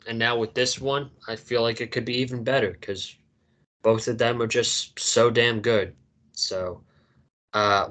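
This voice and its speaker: A man's voice: on the low side, pushed and bright. A man co-hosting a casual review show, recapping events and quoting what was said. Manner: recaps segments, quoting wrestlers in dialogue. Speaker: podcast co-host.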